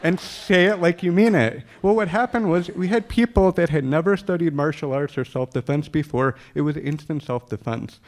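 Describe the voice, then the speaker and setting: A man's voice: a little high, normal speed, hardly any pauses. A man telling a personal story to an audience in a humorous way, often chuckling as he talks. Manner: acts out dialogue with lively quoted voices.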